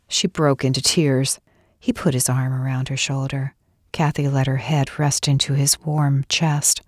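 A woman reads a novel aloud in a low, grounded voice, measured and expressive. The sound is close and dry with no room around it. She paces the story calmly. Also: dry recording. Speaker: audiobook narrator. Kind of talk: scripted narration.

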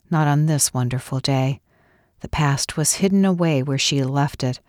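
A woman narrating a novel in a measured, expressive storytelling voice. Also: rumbling low, no echo, clean studio sound. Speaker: audiobook narrator. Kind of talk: scripted narration.

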